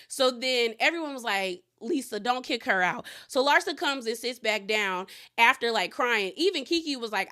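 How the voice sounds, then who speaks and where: A chatty woman retells reality-TV drama, slipping into quick impressions of the people she quotes. Her voice is bright and sits a little high for a woman. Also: lively intonation. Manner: gossipy, retells scenes quoting people, laughs often. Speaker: reality TV recap host. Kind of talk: casual recap chat.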